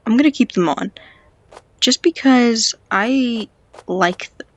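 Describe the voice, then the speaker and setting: A slightly high, slow female voice comes through lo-fi sound from a cheap home mic. She's a game vlogger with a stuffy nose, playing at home and offering casual, playful commentary. She talks to the characters and sometimes drops to a whisper.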